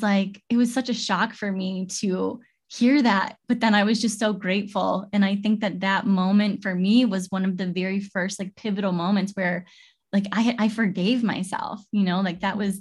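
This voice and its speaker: A woman's voice: mid-range voice, fairly even intonation, normal speed, a little mellow. Young woman, casual chat, rambling storyteller, lots of fillers and restarts. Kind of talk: casual heartfelt conversation.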